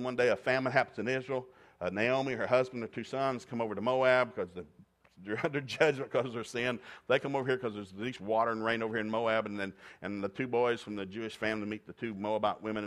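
A preacher man from East Tennessee tells a Bible story as a comic sermon. He talks in a folksy, plainspoken way, slipping jokes into the teaching at a middling pitch. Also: steady tone, fast. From East Tennessee, USA.

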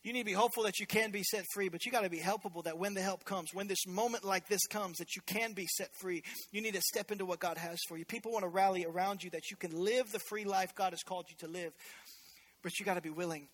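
A man preaching a sermon as pastor in a church, energetic and conversational, with joking asides. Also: sits high, quick pace.

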